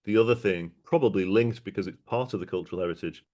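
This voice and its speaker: A man hosting a travel podcast interview, asking long, rambling questions with many fillers in a relaxed way. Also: sits low, fast talker. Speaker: podcast host. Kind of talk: conversational interview.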